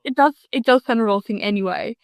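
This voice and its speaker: Female podcast co-host with a higher-pitched, reactive, incredulous manner and a dry sound. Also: fast, no room sound. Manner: reactive, incredulous, laughing asides. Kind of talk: casual film-review chat.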